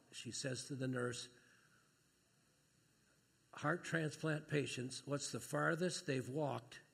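A man preaching a sermon and telling family stories, talking plainly and then rising to loud, excited preaching. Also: medium pitch, creaky, husky, big-room sound.

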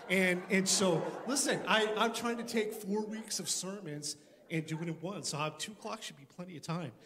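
A man preaching a sermon as pastor before a church congregation, animated, with joking asides and frequent restarts. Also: sits high, normal speed, a crowd in the background.

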